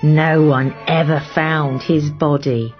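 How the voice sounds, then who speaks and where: A man voicing a gloomy, ominous old woman housekeeper in a hushed manner. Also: on the high side, steady tone, slow, voice pushed up. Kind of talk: audiobook character voice. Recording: dull lo-fi audio with faint music.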